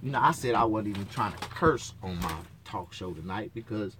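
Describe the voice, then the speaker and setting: A man's voice: on the low side, animated, fairly quick, a bit bright, a little hiss or hum. A man hosting his own late-night talk show, ranting in a profane, rambling way from his motorhome. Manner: profane, rambling rant with frequent cursing.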